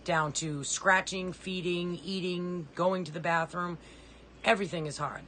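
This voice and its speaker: A woman's voice: fairly low pitch, fairly even intonation, a little slow, fairly bright tone, slight background noise, poor audio. A middle-aged woman, a mother, making an urgent, pleading personal appeal in plain, direct words. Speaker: mother of a disabled son.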